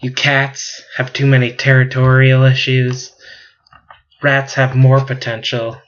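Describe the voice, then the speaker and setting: A man's voice: medium pitch, completely flat delivery, slow, a bit bright. A haughty alien passing judgment on the crew, as a man reads him in a storytelling podcast. He lectures at length in an everyday voice. The sound is dull and lo-fi. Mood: lofty. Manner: lofty, lecturing. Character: alien being judging the crew, male. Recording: dull lo-fi recording.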